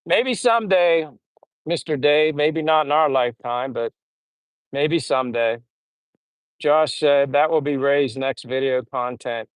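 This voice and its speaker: Streaming casually from home in the Philippines, this middle-aged man tells funny old stories at length and reads the live chat aloud. His voice sits a little high, and the audio is dry and low quality.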